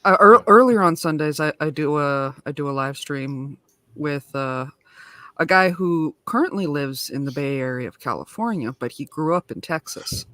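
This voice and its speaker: A man chatting casually on a podcast, easygoing and quick to laugh. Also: fairly high pitch, sharp tone, no echo. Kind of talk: casual chat.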